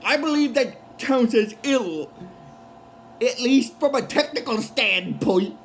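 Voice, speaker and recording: A wisecracking male cartoon robot, as a man quotes him in passing, delivers a dry, matter-of-fact quip. The voice sits high for a man, with only a light change from his own. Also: lively intonation, slow, creaky, a bit bright, slight background noise, exaggerated voice. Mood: smug.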